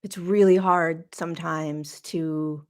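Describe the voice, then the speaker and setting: A middle-aged woman hosting a podcast, speaking slowly in a reflective spiritual monologue, halting and emotional as she searches for words. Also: low-pitched, fairly even intonation, a little mellow. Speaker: podcast host.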